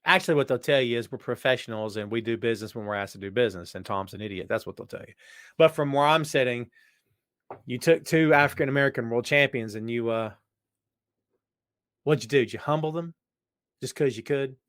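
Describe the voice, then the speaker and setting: A man hosting a podcast and answering listener questions in casual, rambling chat that jumps to loud excitement. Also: mid-range voice, fairly quick, no room sound, clean studio sound. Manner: animated, jumps to shouting when excited; rambling, frequent restarts.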